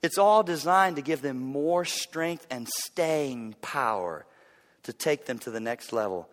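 A man in his forties preaching a sermon in a church, telling stories in an animated way with loud bursts of effort. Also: medium pitch, measured pace, big-room sound. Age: 40s. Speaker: pastor. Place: church sanctuary.

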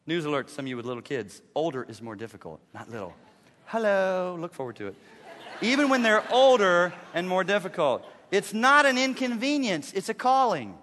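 A man's voice: sits high, big pitch swings, brisk, fairly bright tone, a little hiss or hum. A middle-aged man pastor preaching a conversational sermon, acting out his own thoughts as he goes. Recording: long hall reverb.

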